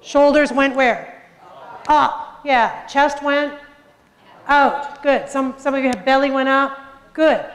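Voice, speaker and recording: A woman's voice: high voice, slow pace. A woman coaching a group through breathing exercises in a live workshop, upbeat, joking and directive. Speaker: presentation skills coach. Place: large room with a group. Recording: reverberant hall sound.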